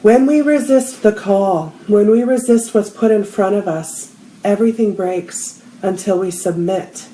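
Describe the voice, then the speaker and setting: Woman healer, mid-pitch, animated storyteller who acts out dialogue, echoey room. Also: unhurried, slight background noise. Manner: animated storyteller acting out quotes. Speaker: spiritual healer and co-host. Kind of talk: storytelling in a casual group talk.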